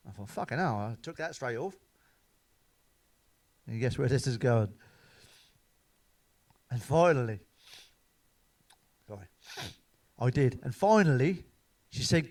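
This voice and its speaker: Speaking at a moderate pace with lively intonation and frequent pauses, a middle-aged man of medium pitch performs a casual stand-up monologue to camera, telling coarse jokes laced with swearing.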